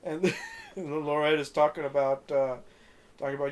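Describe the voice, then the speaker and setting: A man's voice: on the high side, flat delivery, normal speed, a little mellow. Chatty man recapping a film. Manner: rambling, many fillers, acts out quotes. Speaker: podcast co-host recapping a film. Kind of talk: casual profane podcast chat.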